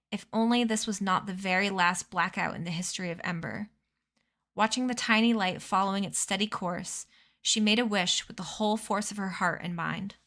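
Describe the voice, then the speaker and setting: Woman, mid-pitched, unhurried read-aloud storyteller, hushes down for the tense parts. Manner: measured storytelling, dropping soft and quiet at tense moments. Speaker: streamer reading a book aloud. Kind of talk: reading a novel aloud.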